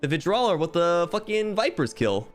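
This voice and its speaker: A young man casually chatting on a game livestream, animated, swearing freely and joking at himself. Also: high voice, normal speed. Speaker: game streamer. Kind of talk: casual livestream chat while reading game text aloud.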